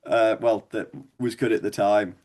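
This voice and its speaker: A young Scouse comedian, appearing as a guest, tells rambling, sweary stories in casual chat and laughs along. His voice is fairly low and darkish, with fairly even intonation at a normal speed.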